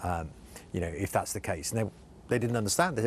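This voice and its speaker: Brief: low-voiced male correspondent, earnest, halting live report. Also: husky. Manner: earnest, halting, many restarts. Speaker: senior international correspondent. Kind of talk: live news interview report.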